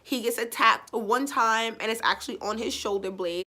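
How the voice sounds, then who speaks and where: A woman telling a story in a casual vlog, chatty and digressive, blunt and expressive with casual swearing. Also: a little high, moderate pace. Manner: chatty and digressive, with frequent fillers. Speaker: vlogger.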